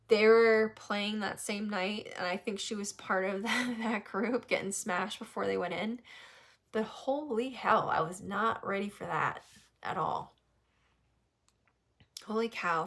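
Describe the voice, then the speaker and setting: Animated woman telling a story. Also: medium pitch. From New Hampshire, USA. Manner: animated, swearing, laughs often. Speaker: podcast host. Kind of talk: casual storytelling chat.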